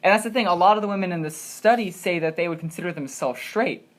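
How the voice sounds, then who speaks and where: A woman's voice: lowish voice, fast. A woman hosting a student podcast, chatting casually and joking in a rambling, provoking way. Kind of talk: casual chat.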